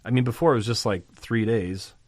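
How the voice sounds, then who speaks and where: A man's voice: mid-range voice, brisk, darkish tone, no echo. A man teaching a Bible passage, reading verses aloud and commenting on them conversationally.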